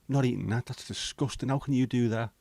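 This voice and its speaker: A man's voice: mid-range voice, fast, creaky, mellow, dry recording. A man, hosting a casual livestream chat, bantering with viewers and swearing casually. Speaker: livestream host.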